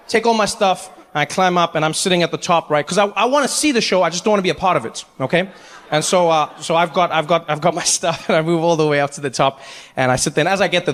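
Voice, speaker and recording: A man doing stand-up storytelling, animated, acting out voices and laughing through his lines. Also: sits high, a little fast, big-room sound. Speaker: stand-up comedian.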